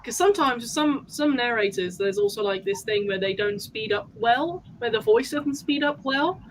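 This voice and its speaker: Woman book club guest, a bit high voiced, rambly and thoughtful, swears casually, faint hiss. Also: lively intonation, moderate pace, low-quality recording. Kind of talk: casual chat.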